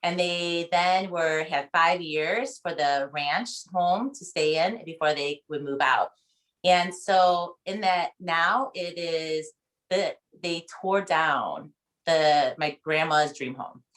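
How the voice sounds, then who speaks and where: On a video call, a woman in her forties leads her book club's discussion, her voice a little low for a woman but fairly bright in tone. Taking it slowly, she rambles and restarts, often getting choked up as she shares a personal memory. The mood is casual and heartfelt.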